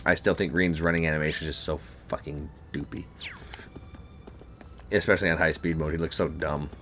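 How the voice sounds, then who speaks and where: A man's voice: rumbling low, steady tone, brisk, fairly bright tone, faint music behind. A man hosting a game let's play, joking and chatting casually while playing. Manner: joking, playful, reads game lines aloud. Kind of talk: casual gameplay commentary.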